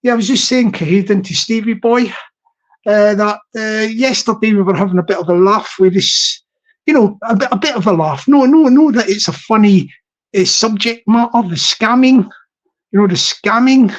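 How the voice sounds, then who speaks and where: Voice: medium pitch, normal speed. A livestream host giving casual commentary to chat viewers, rambling and repeating phrases with many restarts. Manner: effusive greetings to chat viewers.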